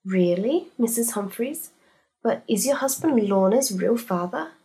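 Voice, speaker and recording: A polite, brisk woman detective in her thirties from an audio storybook, read by a woman. Her voice is husky and breathy, close to the reader's own. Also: on the high side, animated, mellow, full character voice. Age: 30s.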